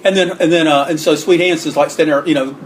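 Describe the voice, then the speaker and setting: Man, interview guest, rambling storyteller, fairly high voice, light background noise; does others' voices by pitching up. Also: steady tone, fast. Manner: rambling, acts out quotes with raised pitch. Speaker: interview guest, wrestling book author. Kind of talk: casual storytelling.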